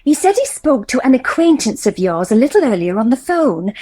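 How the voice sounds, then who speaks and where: A woman's voice: high voice, big pitch swings, brisk, warm tone, slightly rough, full character voice. A woman playing a fussy, flustered middle-aged woman helping run nativity auditions in a radio sitcom. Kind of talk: comedy radio sitcom acting.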